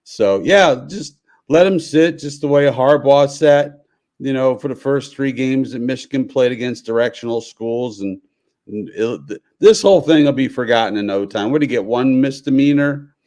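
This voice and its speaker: A man's voice: mid-range voice, moderate pace, darkish tone. Older man, sports writer with a cold. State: coming down with a cold. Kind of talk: casual sports talk.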